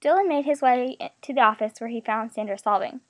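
Higher-voiced woman reading a story. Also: a little fast, no echo. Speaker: narrator.

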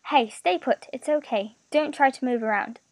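A woman voicing a kind young man who talks softly and reassuringly to an injured friend. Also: sits high, moderate pace, dry recording. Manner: soft, reassuring. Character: gentle kindly young man, a caring friend.

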